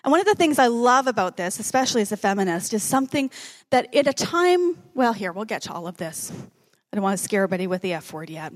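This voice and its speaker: A woman's voice: medium pitch, very animated, fast. A woman preaching a sermon in a conversational, joking manner, dropping to a whisper at dramatic moments.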